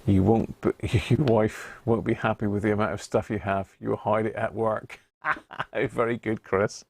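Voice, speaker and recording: A man's voice: lowish voice, flat delivery, unhurried, gravelly, dry recording. A man hosting a casual live stream, rambling as he answers viewers from the chat. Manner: chatty, rambling, with restarts while reading chat aloud. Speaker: host of a radio-hobby live stream.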